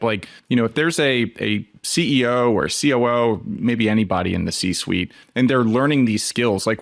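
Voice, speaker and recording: A man's voice: fairly low pitch, no echo, studio quality. A man hosting a podcast interview, feeling his way through long questions with repeated words and fillers. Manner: hesitant, repeats words while forming questions. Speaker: podcast host.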